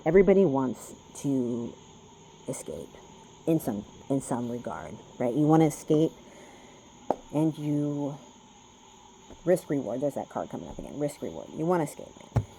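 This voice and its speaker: A man's voice: medium pitch, very animated, normal speed, vocal fry, long pauses, warm tone, slight background noise, low-quality recording. Profane, rambling spiritual vlogger man. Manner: profane, preachy, talks to himself. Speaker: spiritual vlogger doing a reading.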